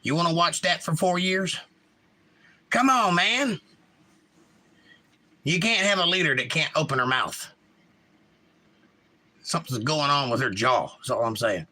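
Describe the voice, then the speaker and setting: A fairly high-pitched male voice, bright and forceful, comes from a livestream host who speaks unhurriedly with long pauses. He delivers blunt opinions and reads chat messages aloud to respond.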